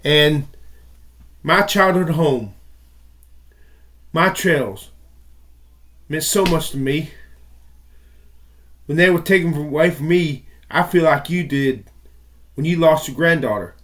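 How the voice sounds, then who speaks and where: A male caller on a talk show pours out a long, rambling grievance with the odd curse word. His voice sits fairly high for a man. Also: slow, pauses often, a bit bright. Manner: rambling, aggrieved, profane. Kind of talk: call-in show monologue.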